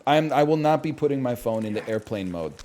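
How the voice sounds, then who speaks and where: A male game streamer telling a long story in loose, rambling chat. He talks with wry, profane energy and jumps into little acted-out quotes, at a middling pitch for a man. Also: lively intonation, brisk, mellow, a little hiss or hum. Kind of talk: casual rambling storytelling while gaming.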